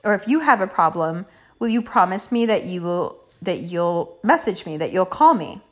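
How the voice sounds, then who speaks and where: An earnest, protective young man speaks in a lower, quieter voice, as a woman quotes him in her story. He is calm and sincere. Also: normal speed.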